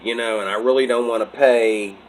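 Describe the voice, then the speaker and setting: A man's voice: mid-range voice, steady tone, a little fast, slight background noise, low-quality recording. A man vlogging in a casual preaching monologue, rambling, restarting phrases and breaking into laughter. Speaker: religious vlogger.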